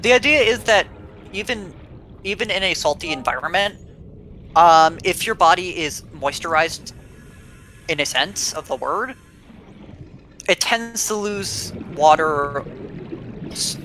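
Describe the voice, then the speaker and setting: Over loud game music, a man explains gameplay in a casual way, frequently restarting his sentences and filling gaps with filler words. He has a fairly high, expressive voice, speaks slowly and pauses often. There's slight background noise in a rough recording.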